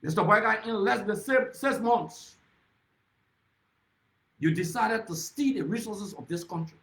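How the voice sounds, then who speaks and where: Fiery high-voiced Liberian man. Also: a little slow, pauses often, a bit bright, reverberant, rough recording. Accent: Liberian English. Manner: accusatory, repeatedly addressing his target by name. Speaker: political speaker. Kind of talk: impassioned political speech.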